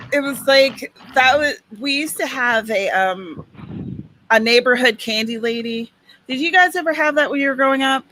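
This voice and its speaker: A woman's voice: high voice, normal speed, bright, forceful tone, low-quality recording. A woman hosting a casual chat, reading viewer comments and laughing often. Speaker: host.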